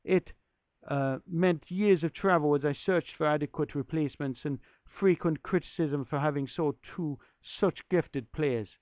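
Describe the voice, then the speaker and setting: A man's voice: fairly high pitch, unhurried, no room sound, dull audio, natural voice. A man putting on a shaky Southern Irish accent to voice an earnest, lamenting male football manager. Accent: attempted Southern Irish. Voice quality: admittedly poor put-on accent.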